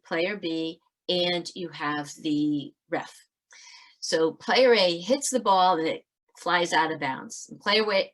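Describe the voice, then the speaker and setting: A woman author giving a brisk webinar talk on parenting over a video call. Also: fairly low pitch, a bit bright. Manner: brisk, talks fast to fit it all in. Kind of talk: webinar presentation.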